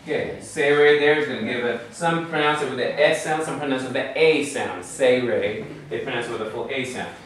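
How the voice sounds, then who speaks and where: A man's voice: mid-range voice, fairly quick, few pauses, a bit bright. A man teaching a Hebrew lesson patiently, drilling the class and checking in with frequent questions. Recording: echoey room from far off, faint hum.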